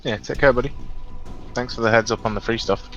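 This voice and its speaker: A relaxed, easygoing man in a gaming voice chat. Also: mid-range voice, brisk, muffled recording, faint music behind.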